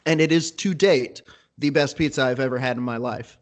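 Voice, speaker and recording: A man's voice: mid-range voice, fairly quick. A man from Colorado chatting casually as a co-host, with laid-back joking asides. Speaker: podcast co-host. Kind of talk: casual chat.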